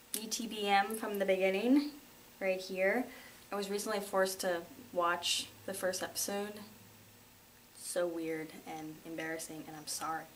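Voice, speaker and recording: A young woman hosting a casual vlog, chatty and wry, poking fun at herself. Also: mid-range voice. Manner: wry, self-mocking, chatty. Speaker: host. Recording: slightly distant mic, faint room noise.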